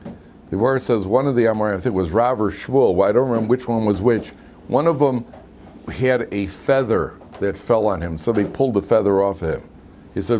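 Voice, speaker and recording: Casual rabbi teaching a class, asks the room questions, faint room noise. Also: male voice, on the low side, a little fast. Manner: lively, asks the class questions, frequent "right?". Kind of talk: informal Torah class.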